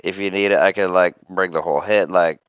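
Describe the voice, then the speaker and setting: Low-pitched man player, halting, dull lo-fi dry mic. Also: fairly even intonation, clean tone, no room sound. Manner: hesitant, lots of uh and like. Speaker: tabletop game player. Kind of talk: casual online game chat.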